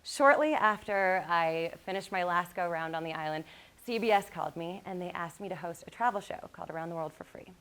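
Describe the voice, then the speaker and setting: A woman giving a live motivational talk, telling lively personal stories with frequent laughs and speaking directly to the audience. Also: fairly low pitch, a little fast, clean tone. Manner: animated storytelling, laughs often, addresses the crowd.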